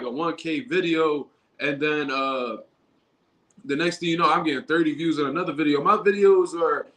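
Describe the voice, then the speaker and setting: A man with a slightly higher voice talks casually into his livestream. He speaks in loose street slang, restarting sentences as he goes. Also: fairly bright tone. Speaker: boxing commentary YouTuber.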